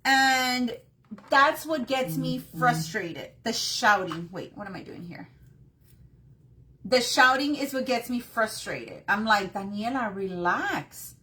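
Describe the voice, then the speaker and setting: A woman's voice: on the high side, big pitch swings, slow, pushed and bright. A woman hosting a live craft tutorial on her phone, chatting and greeting viewers by name between steps. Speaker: craft workshop host.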